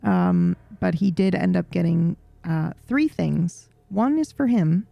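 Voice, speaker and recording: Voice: medium pitch, big pitch swings, slow, creaky, no room sound, muffled recording. A game master explaining game rules and events to the players in a chatty way. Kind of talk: narrating a tabletop game.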